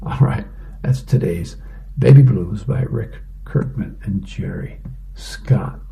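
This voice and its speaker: A man reading the newspaper aloud in a plain, unhurried way for a reading program. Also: fairly low pitch, gravelly, mellow.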